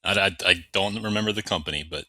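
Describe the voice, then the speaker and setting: A man's voice: deep voice, fast talker, sharp tone, a little hiss or hum. A man from Maryland, a podcast guest, telling anecdotes in an easygoing way. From Maryland, USA. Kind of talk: casual podcast chat.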